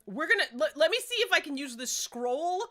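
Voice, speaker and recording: A woman's voice: high voice, big pitch swings, fairly quick, bright, forceful tone. A woman livestreaming a game at home, chatty and self-deprecating in casual gameplay commentary.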